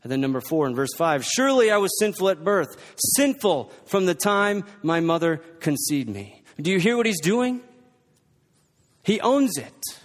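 A man's voice: high-pitched, very animated, moderate pace. A man preaching a sermon, reading scripture and pressing his points with emphatic, repeated exhortations. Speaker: pastor. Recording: long reverb from a large hall.

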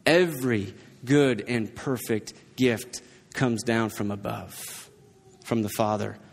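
Pastor telling a story in an echoey hall. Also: male voice, medium pitch, steady tone, slow pace, vocal fry. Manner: conversational, keeps checking in with the listeners. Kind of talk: sermon with personal story.

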